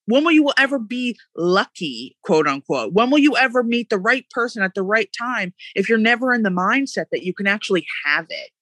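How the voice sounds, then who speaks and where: A woman in casual podcast chat about mindset, emphatic and animated, often acting out quoted voices. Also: on the high side, fairly quick, few pauses, no echo.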